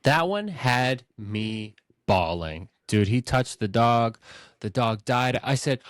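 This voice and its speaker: A man hosting a casual movie podcast, telling stories in an excitable, animated way. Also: mid-range voice, slow, dry recording, clean studio sound. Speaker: podcast host.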